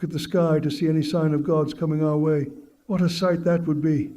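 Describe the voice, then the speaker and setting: A man's voice: fairly high pitch, level tone, a little fast, mellow, lightly acted. A synthetic male voice playing an old man who watches the sky for signs of gods. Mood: plain.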